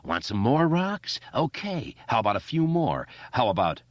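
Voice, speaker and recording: A man's voice: on the low side, sing-song, measured pace, no echo. A man voicing a brutal teenage boy bully with a nasal, foghorning voice and a mocking, unhinged way of taunting. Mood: raving. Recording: dull lo-fi dry recording.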